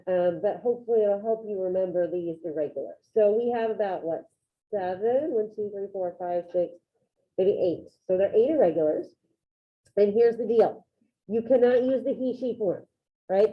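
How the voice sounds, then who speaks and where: A woman teaching a Spanish class over a video call, upbeat and encouraging as she calls on students by name. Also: medium pitch. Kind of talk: online classroom lesson. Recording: tinny phone-like video call audio.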